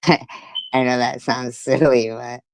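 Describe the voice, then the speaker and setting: Slow-talking woman streamer, clear voice. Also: a bass voice, little pitch movement, dry recording, poor audio. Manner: unhurried, opinionated, with fillers like "um" and "you know". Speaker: commentary streamer. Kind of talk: casual commentary chat.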